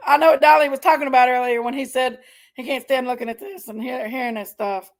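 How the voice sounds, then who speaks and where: A woman hosting a live stream reacts to videos with indignant, exasperated commentary to her chat, repeatedly apologizing to viewers. Her high-pitched voice stays steady and fairly quick.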